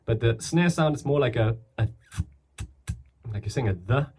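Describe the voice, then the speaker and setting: A man's voice: medium pitch, expressive, moderate pace, a little mellow, soft background music. A young man casually explaining beatboxing basics on camera, chatty and loose, often restarting his sentences. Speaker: beatbox teacher. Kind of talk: casual tutorial. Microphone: camera mic, filming himself.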